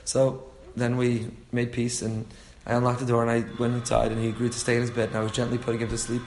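A man's voice: medium pitch, monotone, fast talker, a little mellow. A man teaching a religious class, reading passages and explaining them earnestly, often repeating phrases and chuckling at his own stories. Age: young adult to middle-aged, father of a four-year-old. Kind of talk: Torah class, reading texts and translating.

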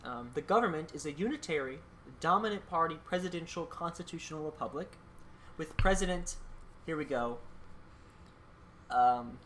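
A woman's voice: low-pitched, expressive, normal speed, pauses often, slight background noise. A woman co-hosting a casual podcast, reading out facts with dry jokes and frequent ums. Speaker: podcast co-host presenting country facts.

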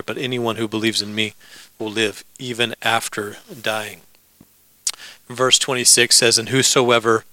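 Guy preaching a sermon, chatty and joking around, smooth clear voice, dry sound. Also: mid-range voice, pushed and bright, dry recording, low-quality recording. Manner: conversational preaching with humor and asides. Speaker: pastor.

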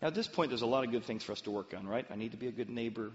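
A man's voice: medium pitch, racing. Male pastor, dramatic storytelling sermon, dull reverberant hall recording.

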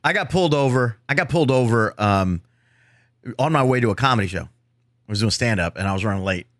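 Male stand-up comic, very lively pitch, dry close sound; for a casual storytelling podcast. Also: fast, no room sound. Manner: comic storyteller, acts out both sides. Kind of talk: casual chat.

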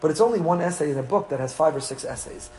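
Man, rabbi teaching a Torah class; animated, pitch on the higher side. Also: fast talker, slight background noise, poor audio. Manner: animated, mixing Hebrew terms into English.

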